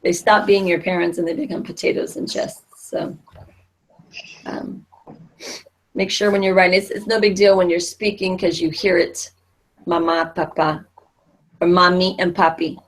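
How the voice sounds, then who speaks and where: A woman's voice: on the low side, little pitch movement, normal speed, pauses often. A middle-aged woman teaching a Spanish class, explaining patiently with many fillers and restarts.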